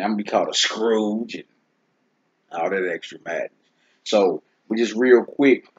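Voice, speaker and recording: A man with a low, husky voice leads a relaxed scripture lesson. He keeps it loose and conversational, and he often checks in with his listener. The recording sounds dull and lo-fi. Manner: laid-back, conversational, keeps asking "you see what I'm saying?". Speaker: host teaching scripture. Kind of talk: casual Bible teaching chat.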